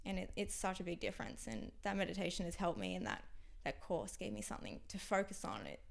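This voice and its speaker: Low, gravelly young Australian woman. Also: big pitch swings. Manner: halting, frank, often trails off into a near whisper. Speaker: podcast guest. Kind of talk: candid interview conversation.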